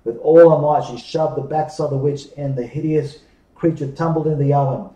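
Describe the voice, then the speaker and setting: A man reading a fairy tale aloud in a measured way, pausing for drama, recorded off-mic in an echoey room. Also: fairly high pitch, warm tone, distant mic, lo-fi sound. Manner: measured, slowing for dramatic pauses. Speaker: storyteller. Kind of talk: storybook read-aloud.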